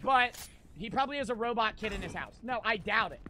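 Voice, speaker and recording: A man's voice: sits high, animated, brisk, heavy background noise. A man in his twenties streaming a game, telling a rambling story between profane trash talk. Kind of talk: casual storytelling while gaming.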